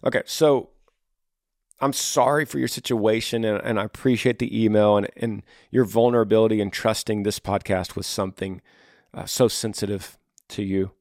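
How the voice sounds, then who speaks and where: A man's voice: on the low side, fairly even intonation, normal speed, a little mellow, no echo, studio quality. A man hosting an advice podcast, answering listener questions earnestly. He repeats his key points and acts out example lines.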